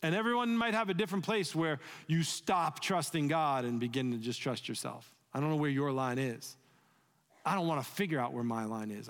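A man preaching a sermon as pastor, earnest and conversational, easing into a soft voice when he leads a prayer. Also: fairly high pitch. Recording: echoey hall, long reverb.

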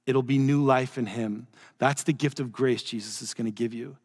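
A male pastor giving a conversational sermon with joking asides, dropping his voice softly for emphasis. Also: mid-range voice, fairly even intonation, moderate pace, breathy edge, big-room sound.

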